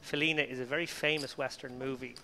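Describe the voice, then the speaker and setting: A man's voice: medium pitch, steady tone, fast talker, pushed and bright. A man doing live poker commentary, analytical and chatty.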